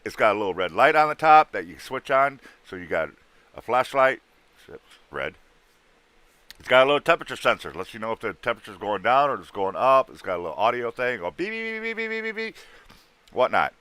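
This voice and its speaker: A man hosting a livestream, bluntly pitching ghost hunting gear in rough, casual sales patter. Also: animated, fairly quick, bright, forceful tone. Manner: rough-spoken, blunt, salesman patter with sound-effect noises.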